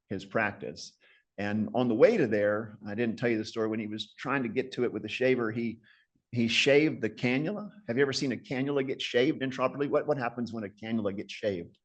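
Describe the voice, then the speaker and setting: Surgeon guy in his 60s lecturing, kinda low voice, chatty self-deprecating stories. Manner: anecdotal, self-deprecating, reflective. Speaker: guest lecturer, orthopaedic surgeon. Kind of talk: conversational lecture.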